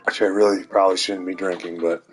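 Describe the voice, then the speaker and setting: A man's voice: low-pitched, flat delivery, fast talker, slightly rough, soft background music. A man rambling to viewers in a sardonic monologue, swearing and laughing at his own jokes. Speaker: vlogger.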